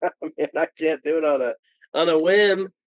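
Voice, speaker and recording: A man's voice: fairly high pitch, moderate pace, no echo. A man co-hosting a podcast in casual chat, hesitant and laughing. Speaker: podcast co-host.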